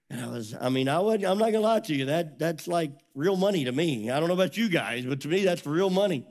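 Animated man preaching a sermon. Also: on the high side, fast talker, few pauses. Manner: animated storytelling, acts out dialogue. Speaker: pastor.

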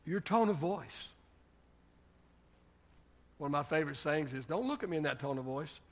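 A man's voice: a little high, expressive, moderate pace. An older man preaching a sermon on marriage as pastor, telling folksy family stories and building to emphatic exhortation.

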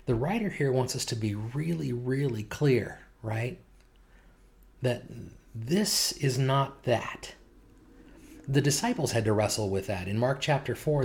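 A man's voice: medium pitch, creaky, darkish tone, a little hiss or hum. A man preaching, earnest and conversational, who mixes scripture with casual stories from home. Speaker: pastor. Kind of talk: sermon.

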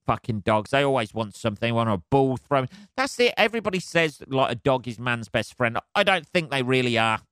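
A male podcast host delivers a solo comedic rant in a smooth, medium-pitched voice, talking fairly quickly with few pauses. He's animated, swears constantly and laughs a lot. The studio-quality recording has no room sound.

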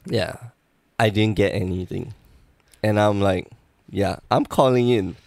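Gravelly-voiced man hosting a podcast. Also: on the low side, unhurried, a little mellow, no echo. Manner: joking, rambling, self-deprecating. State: sore tongue, slight lisp. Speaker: podcast host. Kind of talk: casual podcast chat.

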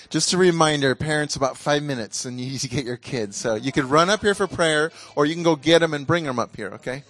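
A man preaching in a relaxed, conversational way and leading a congregation in prayer. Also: fairly high pitch. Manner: ecstatic, exclaiming and laughing during prayer. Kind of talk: charismatic sermon and prayer ministry.

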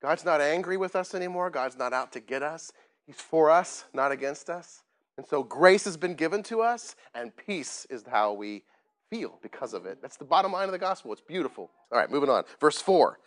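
Pastor guy preaching, voice on the higher side, super animated, talks to the crowd like friends. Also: moderate pace. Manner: conversational, asks the congregation questions; plain-spoken, self-deprecating. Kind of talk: sermon.

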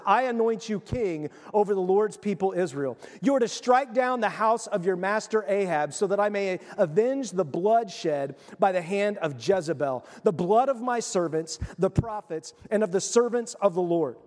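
A man preaching a sermon, retelling a Bible story with animated, casual acted-out voices. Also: high voice, normal speed, few pauses, big-room sound. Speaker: pastor.

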